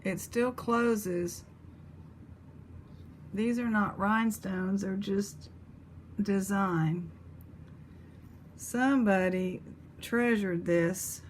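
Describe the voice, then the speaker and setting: Woman, unhurried, casual jewelry vlog chat, faint room noise. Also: mid-range voice. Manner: chatty, talks to her pet and viewers while sorting jewelry. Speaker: jewelry reseller host.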